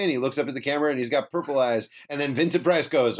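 A man's voice: mid-range voice, fast talker. A man co-hosting a casual podcast recap, joking and riffing playfully. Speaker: podcast co-host. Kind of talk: casual chat.

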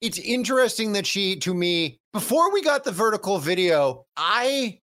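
A man from Connecticut with a standard American accent, chatting casually as a film podcast co-host. He talks in a nasal, droning way, with lively swings in his storytelling. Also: moderate pace. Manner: animated storytelling with sudden pitch swings. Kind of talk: casual chat.

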